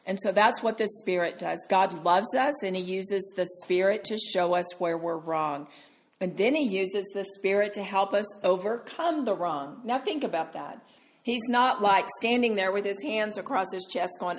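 Woman leading a bible study, lively and tender, calls people sweetheart. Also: medium pitch, moderate pace. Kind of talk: Bible teaching to a group.

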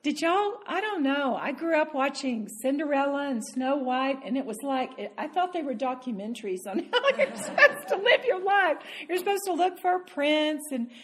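A woman with a high voice preaches to a room of women. Her delivery is animated and self-deprecating, and she laughs as she talks. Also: moderate pace, hardly any pauses, slight background noise. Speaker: women's Bible teacher. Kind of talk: sermon to women.

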